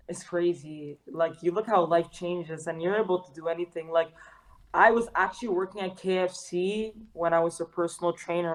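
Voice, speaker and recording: A woman's voice: lowish voice, poor audio. A young woman from Canada, a guest in a casual interview, talking loosely with lots of slang, fillers and swearing. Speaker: guest, fitness trainer and artist.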